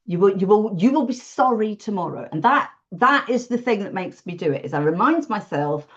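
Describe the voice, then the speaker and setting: A woman's voice: mid-range voice, lively intonation, a little fast. Candid woman, lo-fi call audio. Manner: candid, self-deprecating, laughs often. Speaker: WordPress support freelancer, podcast guest. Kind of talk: casual interview chat.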